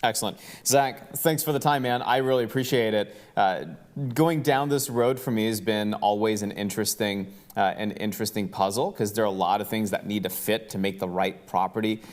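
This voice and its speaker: A man's voice: fairly low pitch, brisk. A man hosting a podcast, talking casually with plenty of fillers and jokes. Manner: jokey, loose, lots of fillers. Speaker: podcast host.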